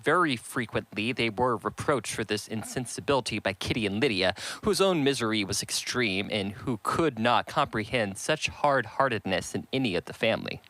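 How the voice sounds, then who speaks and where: A man narrates a classic novel as an audiobook in a measured, steady way. His voice is bright and forward, at an average pitch. The recording is dry and close. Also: no room sound, low-quality recording. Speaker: audiobook reader.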